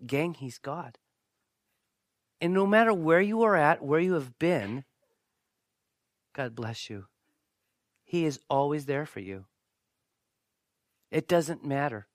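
Animated male pastor preaching, dry sound. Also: on the high side, slow, long pauses, dry recording. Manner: animated, swings from loud bursts to hushed near-whispers; jokey asides to the congregation. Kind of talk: sermon.

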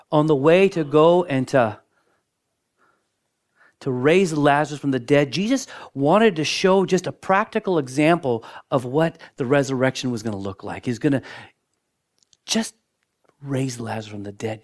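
A man preaching a sermon as pastor, shifting between strong emphasis and soft, hushed moments, often repeating words as he builds a point. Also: mid-range voice. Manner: dynamic preaching, dropping to near-whispers for emphasis.

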